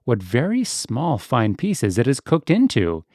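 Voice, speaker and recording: A man's voice: medium pitch, huge pitch swings, measured pace, darkish tone, no echo, studio quality. A man voicing an anxious, fussy female dog guest who whimpers and frets. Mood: fretful.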